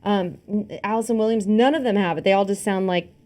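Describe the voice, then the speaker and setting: Young woman, casual podcast co-host, mid-pitched, chatty, animated. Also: fairly quick. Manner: chatty, animated, acts out quotes. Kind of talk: casual film discussion.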